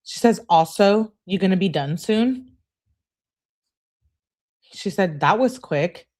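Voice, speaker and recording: A woman's voice: mid-range voice, lively intonation, slow pace, darkish tone. A woman hosting a true crime channel, reading text messages aloud and adding emphatic, exasperated asides.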